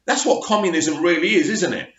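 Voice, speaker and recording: A man's voice: high-pitched, a little fast, a bit bright. Man, casual film reviewer, rambling and full of restarts, muffled recording. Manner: rambling, self-correcting with many ums. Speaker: movie reviewer. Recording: echoey room, dull lo-fi sound.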